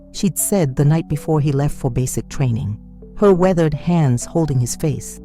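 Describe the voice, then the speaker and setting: A man reading a dramatic scripted story in a measured, storytelling manner, with soft music behind. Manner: measured storytelling with wide pitch swings. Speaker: narrator.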